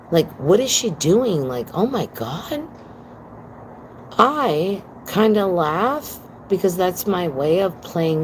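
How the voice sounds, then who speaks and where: Low-voiced woman telling a story bluntly. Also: a little mellow, a little hiss or hum, low-quality recording. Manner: blunt, profane, emphatic; addresses viewers as "girl". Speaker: livestream host. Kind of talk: casual storytelling to viewers.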